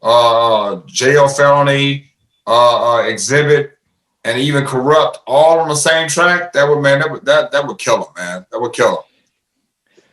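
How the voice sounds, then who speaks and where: A man talking in a casual interview with a bright, forceful voice. He is animated and often doubles up his words as he gets going. His voice rings in a roomy, echoey space. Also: mid-range voice, a little slow. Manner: animated, repeats words when starting a thought. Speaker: interview guest.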